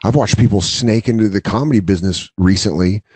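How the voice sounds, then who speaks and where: A man's voice: on the low side, a little fast, a little mellow, breathy edge, no echo. A man co-hosting a comedy talk show, chatting loosely and acting out little quoted bits. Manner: loose and rambling, acts out quotes. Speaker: podcast co-host. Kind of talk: casual chat.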